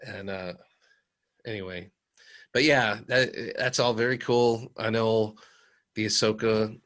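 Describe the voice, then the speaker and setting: A man's voice: fairly low pitch, fairly even intonation, slow pace, fairly bright tone. A man co-hosting a fan podcast in casual chat, rambling with fillers and restarts and laughing often. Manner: laughs often while talking. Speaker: podcast co-host.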